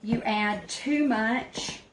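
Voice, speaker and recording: A woman chats her way through a home cooking demo, talking to her viewers in an unhurried, homey drawl. Her voice bounces around a small, echoey cabin kitchen, and plenty of background noise comes through the camera mic. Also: fairly high pitch. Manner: homey, chatty, talks to viewers as y'all. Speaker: cooking show host. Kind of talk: casual cooking demonstration.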